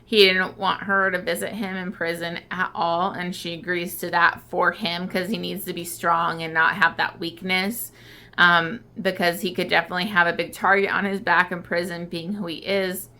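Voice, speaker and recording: A woman's voice: lowish voice, flat delivery, normal speed, sharp tone. Tearful woman rambling about a book. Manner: rambling, many fillers, emotional and tearful. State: crying. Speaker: book vlogger. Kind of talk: casual book review.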